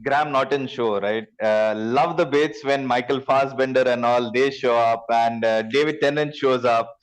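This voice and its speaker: A man with an Indian accent joins a podcast as the guest. He talks eagerly and warmly, with a mid-pitched voice and a ready laugh. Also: fairly even intonation, poor audio. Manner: friendly, eager, quick to laugh. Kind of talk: remote interview.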